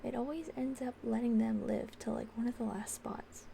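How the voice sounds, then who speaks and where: A woman streamer chatting casually on a live stream, rambling and giggling, often dropping into soft whispers close to a desk microphone. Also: a little high, steady tone, moderate pace, vocal fry, a little hiss or hum. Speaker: ASMR streamer. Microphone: desk microphone on a stand.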